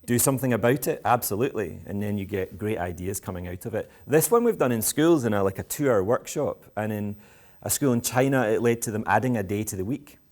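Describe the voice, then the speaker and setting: A man's voice: on the low side, expressive, fairly quick, few pauses, darkish tone. A Scottish man giving a talk to school parents in a playful, provocative, self-mocking way. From Scotland. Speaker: education speaker. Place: school event with live audience.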